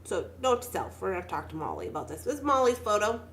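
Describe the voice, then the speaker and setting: On her relaxed beading stream, a pregnant young woman chats with viewers, greets them by name, and talks to herself while making jewelry. Her mid-range voice is sing-song and fast, with a little hiss or hum in the audio.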